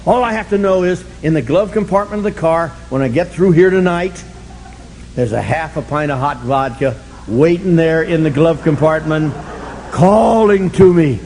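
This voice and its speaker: A man's voice: fairly high pitch, normal speed, a little hiss or hum, rough recording. Older man telling a rowdy recovery story. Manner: animated, self-mocking, bursts into shouts for emphasis. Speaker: recovery meeting speaker.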